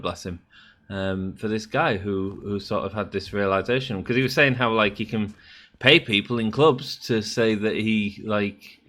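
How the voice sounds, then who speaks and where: Brief: male gaming YouTuber, lowish voice with a bright, forceful edge, rambling casual commentary. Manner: chatty, rambling, thinks aloud with many fillers.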